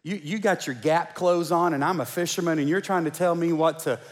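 A man acting out a gruff, hotheaded fisherman who talks back in a brash, defensive way. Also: a little high, fairly quick, close to an everyday voice. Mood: annoyed. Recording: long church-hall reverb.

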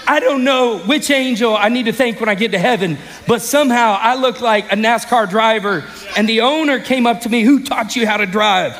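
A man preaching a sermon as pastor, telling stories with energy and breaking into sudden shouts. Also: very high-pitched, moderate pace, hardly any pauses, faint music behind. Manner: animated storytelling, bursts into shouts. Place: church sanctuary. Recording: reverberant hall.

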